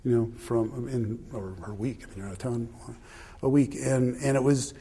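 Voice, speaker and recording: A man's voice: medium pitch, moderate pace, mellow, breathy edge. A man telling a rambling, self-deprecating personal story in casual conversation, laughing often. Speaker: husband sharing a personal story.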